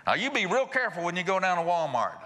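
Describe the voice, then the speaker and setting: A man's voice: sits high, sing-song, fast, pushed and bright, big-room sound, voice pushed up, exaggerated voice. A preacher voicing a fretful, nagging husband who anxiously warns his wife, in a raised, insistent voice. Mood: fretting.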